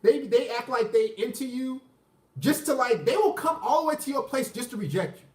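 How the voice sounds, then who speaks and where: A man's voice: very high-pitched, animated, brisk, reverberant, distant mic. A man casually telling a personal story, profane and boastful, rambling with many restarts.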